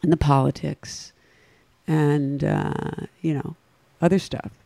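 Dry-voiced wry talk host. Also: male voice, on the high side, flat delivery, slow pace, creaky, dark tone, dry recording. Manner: wry, joking interjections. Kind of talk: casual talk show chat.

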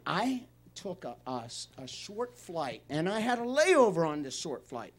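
A man, a guest comedian, telling a joke story in a casual, animated way. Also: a little high, measured pace.

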